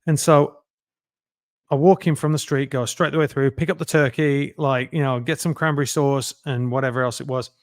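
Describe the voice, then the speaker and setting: A middle-aged man, a guest telling lively anecdotes and acting out other people's lines in a casual interview. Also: medium pitch, normal speed, no room sound, clean studio sound. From England.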